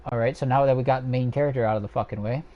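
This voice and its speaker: A man's voice: mid-range voice, fairly even intonation, very fast, lo-fi sound. A young man hosting a livestream from home, ranting casually and profanely with many fillers and restarts. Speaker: livestream host ranking characters.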